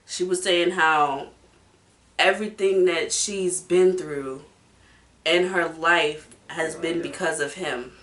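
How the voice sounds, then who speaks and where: A woman talks through a reality show episode in a loose, emphatic vlog manner, swearing freely and addressing her viewers directly. Her voice is bright and forceful, and the room around her rings with a noticeable echo. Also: lowish voice, steady tone, slow. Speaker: show reviewer. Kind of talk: casual review vlog.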